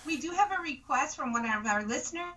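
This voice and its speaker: A woman co-host, bright and enthusiastic, with a high voice. She sits at a distance from the mic. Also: expressive, fast. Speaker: show co-host. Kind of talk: casual interview chat.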